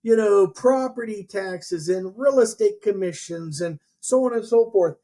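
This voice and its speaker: A man's voice: high-pitched, measured pace, dark tone, voice pushed up, poor audio. A man impersonating a fiery male seminar guru with a slight Southern twang, preaching to a crowd. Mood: showman pitch. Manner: hyped, preaching, working up a crowd.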